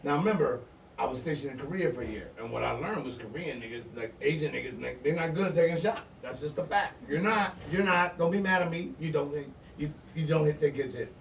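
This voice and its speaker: A middle-aged man with an East Coast US accent tells a story loudly and keeps the swearing coming. His voice sits fairly high. He is a bit away from the mic in a roomy, echoing space. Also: brisk, creaky, recorded from a distance, a little hiss or hum. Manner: loud, animated, profane storyteller. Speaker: podcast co-host. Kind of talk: casual storytelling.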